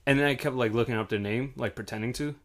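A young man telling a lively story in casual chat, acting out the people in it and swearing freely. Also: medium pitch, quick pace. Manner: animated, acts out quoted voices, swears freely. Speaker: hotel front desk worker.

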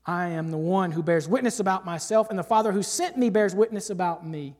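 A male pastor preaching a sermon and reading scripture aloud, emphatic, swinging from loud declarations to hushed asides. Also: high voice, brisk. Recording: long hall reverb.

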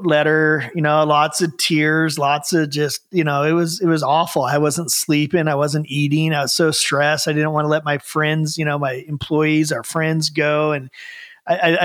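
A man's voice: on the high side, fairly bright tone. A man telling the story of his business in a casual interview, rambling with lots of fillers and restarts.

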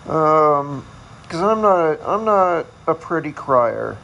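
A man hosting a casual solo podcast, talking in a candid, self-deprecating, halting way. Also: on the high side, sing-song, creaky, a bit bright, highs cut off, a little hiss or hum. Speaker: podcast host.

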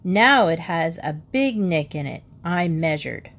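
A woman's voice: on the low side, animated, takes it slowly, a bit bright, full character voice. A woman voicing a boy who scornfully tattles on his younger brother.

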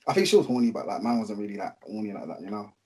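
A man's voice: lowish voice, expressive, very fast, mellow, husky. A young man, chatting casually and rambling in slang as a podcast co-host. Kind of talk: casual chat.

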